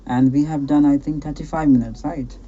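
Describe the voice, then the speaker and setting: A man with a dark-toned, fairly high voice talks a little fast, with fairly even intonation, on a muffled recording. Hosting an English speaking practice call, he offers casual advice in an encouraging, repetitive way, frequently saying "right?" and "you know".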